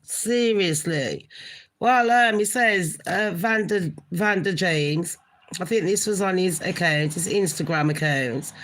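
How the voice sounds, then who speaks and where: A woman's voice: on the low side, slow, a bit bright, poor audio. A woman hosting a casual gossip live stream, chatting with viewers and swearing now and then. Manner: chatty, swears, talks to viewers as honey pot. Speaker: gossip channel host.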